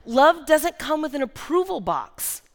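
A woman's voice: high-pitched, sing-song, a little slow. A woman in her thirties preaching a sermon, earnest and emphatic, repeating key phrases. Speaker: speaker preaching. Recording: long reverb of a large hall.

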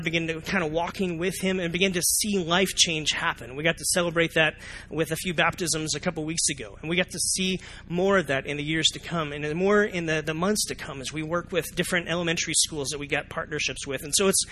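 A man preaches a sermon from the front of a church. His voice sits a little high and sounds bright and forward. He keeps things lively, putting questions to the congregation and acting out their reactions. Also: slight background noise. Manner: animated, asks the congregation questions, acts out reactions. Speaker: pastor. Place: church sanctuary.

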